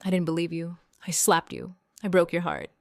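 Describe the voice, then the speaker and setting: A woman's voice: lowish voice, little pitch movement, normal speed, creaky, no echo, clean studio sound. A woman voicing a remorseful older sister who apologizes in short, simple sentences.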